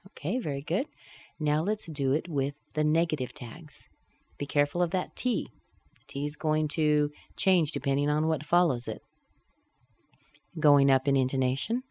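A woman teaching English pronunciation, modelling short question tags slowly and with clear, exaggerated intonation in a close, dry recording. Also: low voice, dark tone, no room sound. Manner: carefully enunciated model phrases with exaggerated intonation. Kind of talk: slow, deliberate pronunciation drill.

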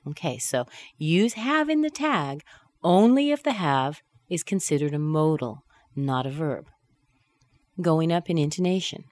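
Female teacher, low voice with lively pitch, slow careful drilling of phrases. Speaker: pronunciation teacher. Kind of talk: English pronunciation lesson.

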